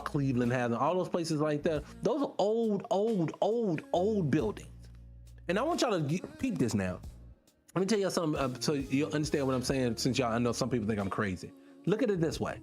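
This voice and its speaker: A middle-aged man hosts a radio show in a loose, rambling monologue. His voice sits a little high for a man and swings widely in pitch, leaping up whenever he presses a rhetorical question. Faint music plays underneath. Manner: animated, rhetorical questions, pitch jumps when excited. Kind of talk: casual monologue to listeners.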